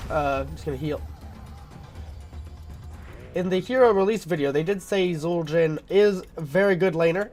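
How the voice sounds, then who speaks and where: A man commentating his own gameplay in a casual, rambling way, full of fillers and throat-clearing because he is sick. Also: a little high. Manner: rambling, filler-heavy, thinking aloud.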